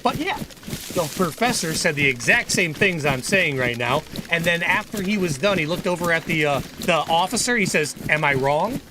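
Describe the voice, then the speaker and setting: A man talks casually on a livestream in a fairly high voice. He is earnest and opinionated, and he circles back and restarts his sentences. Steady game noise sits clearly under his speech. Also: moderate pace. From United States. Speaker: gaming livestreamer and lawyer.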